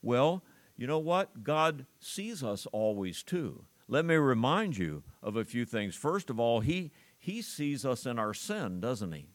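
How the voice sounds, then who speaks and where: A man's voice: medium pitch, sing-song, measured pace, dry recording. Older man preaching a conversational sermon. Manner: conversational, with rhetorical questions and scripture readings.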